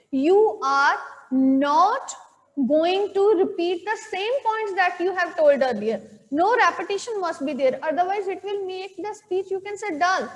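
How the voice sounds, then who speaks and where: A woman with a very high voice, heard in a large hall, teaches a classroom lecture in an Indian English accent. She explains step by step, repeats key points, and checks in with "okay?".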